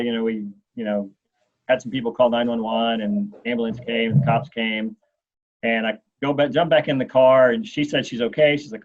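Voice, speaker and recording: In dull lo-fi audio, an interview guest in his forties spins out a long anecdote, animatedly acting out other people's words. His voice is medium in pitch and his pace moderate, typical of interview storytelling.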